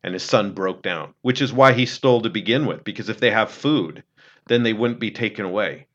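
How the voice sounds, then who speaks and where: A man telling a story in an earnest, conversational way, dropping low and quiet when he quotes someone. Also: brisk, highs cut off. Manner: earnest, retells a film scene, drops low and quiet for quotes. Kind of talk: casual storytelling talk.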